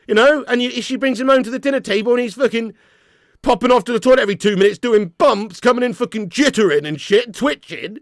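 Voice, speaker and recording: A man hosting a live football watch-along, reading viewers' messages and ranting with lots of swearing, loud one moment and low and glum the next. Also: fast, no echo, clean studio sound. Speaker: YouTube fan channel host.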